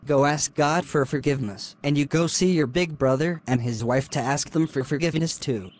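A man voicing a stern, moralizing father in an animated drama, solemn and lecturing. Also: on the high side, moderate pace, lightly acted.

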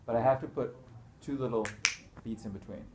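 A man with a medium-pitched voice talks a little fast as he teaches rhythm to a single student. He patiently breaks it down step by step, counting beats and chanting rhythm syllables, all captured in a noisy room.

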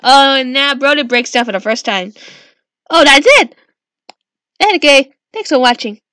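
A woman's voice: high-pitched, a little fast, fairly bright tone, smooth, no echo. A woman giving chatty, reactive commentary while playing through a story game. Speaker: gaming channel host. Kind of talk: let's-play commentary.

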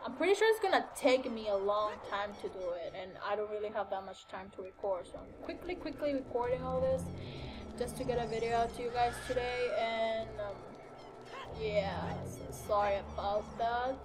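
A young woman who hosts a gaming channel gives casual let's-play commentary while playing a video game, chatty and scattered with many fillers and exclamations. Her voice is on the high side at normal speed, with background noise and faint game music behind.

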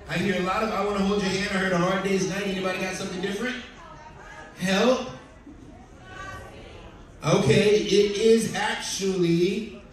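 A man working as cruise director, hosting a chatty, joking trivia warm-up for a theater audience. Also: high-pitched. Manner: upbeat, chatty, joking with the crowd. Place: large ship theater stage. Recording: distant, echoey theater PA recording. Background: audience crowd reacting.

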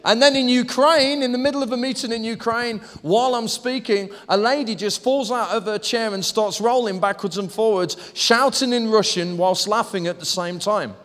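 A man preaching a lively sermon in a church, telling stories and acting out voices. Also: sits high, moderate pace, hardly any pauses. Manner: animated storytelling, acts out voices and laughs. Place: church hall. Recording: reverberant church hall.

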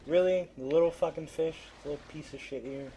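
A gameplay commentator with a slightly high, fairly quick, warm voice does casual let's-play commentary over slight background noise. He coaxes and pleads with the fish to bite, swearing and trash-talking them, and grows frustrated.

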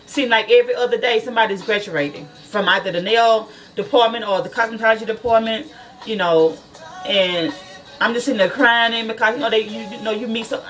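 A woman's voice: mid-range voice, fairly bright tone, distant mic. A woman who is a nail school student chats casually to her viewers from her car, swearing freely and calling them y'all.

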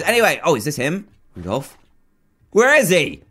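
An excitable man commentating a let's-play, jokey and thinking out loud. His voice sits a little high and jumps around a lot in pitch. He talks casually to the viewer. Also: normal speed, slightly rough. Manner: excitable, jokey, thinks aloud while playing. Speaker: gaming youtuber.

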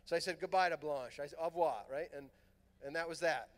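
A middle-aged man from Southern California telling a lively personal story at a youth conference, acting out the voices in his dialogue. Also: on the high side, fast. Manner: animated, acts out quoted dialogue. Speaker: priest and conference speaker. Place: large fieldhouse hall. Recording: long hall reverb.

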